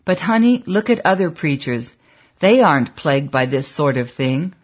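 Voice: mid-range voice, very animated, moderate pace, muffled recording. A narrator voicing a troubled adult male preacher who talks in an earnest, pleading way, read as an audiobook character. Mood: anguished.

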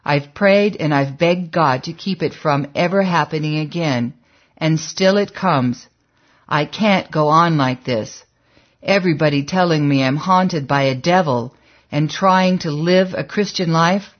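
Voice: mid-range voice, a little slow, close to an everyday voice. Brief: narrator voicing a weary, anguished preacher man, earnest and pleading, on a dull lo-fi audiobook recording. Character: troubled adult male preacher, weary and anguished. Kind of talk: audiobook character voice.

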